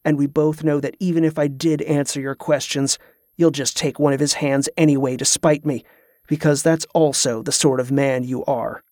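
A man voicing a cool, defiant male prisoner who speaks calmly and levelly, in an audiobook. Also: fairly high pitch, moderate pace, no room sound, clean studio sound, lightly acted. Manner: calm, level.

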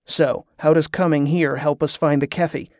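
A man's voice: a little high, steady tone, normal speed, no echo, clean studio sound, lightly acted. A reader doing a terse, guarded young man.

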